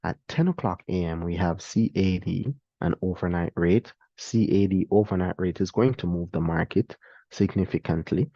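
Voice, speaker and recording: Male trading instructor, deep and dark-toned, relaxed explainer on a slightly muffled, dry recording. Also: moderate pace, dry recording. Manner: relaxed, explanatory, addresses viewers directly. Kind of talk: screen-share trading lesson.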